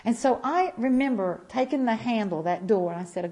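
A woman's voice: on the high side, animated, moderate pace, warm tone. Emphatic woman sharing a church testimony. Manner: emphatic, repeating phrases, vivid storytelling. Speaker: speaker giving a testimony.

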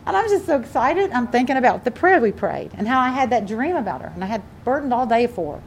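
A woman's voice: a little high, very animated, fast talker, slight background noise. An older woman, a grandmother, preaching a fervent sermon and telling a family story to her congregation. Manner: fervent, preaching with rising emphasis. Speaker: pastor.

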